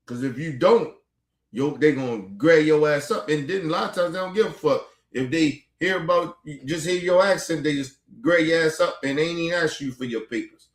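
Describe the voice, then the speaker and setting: Exasperated man ranting in an echoey room. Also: fairly high pitch. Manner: profane, exasperated rant. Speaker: streamer and commentator. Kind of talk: casual reaction commentary.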